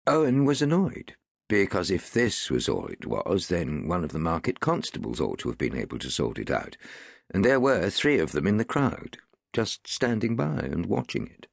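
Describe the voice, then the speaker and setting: A man narrating an audiobook in an expressive, wide-ranging storytelling manner. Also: low-pitched, moderate pace, vocal fry, dry recording, studio quality. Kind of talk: scripted narration.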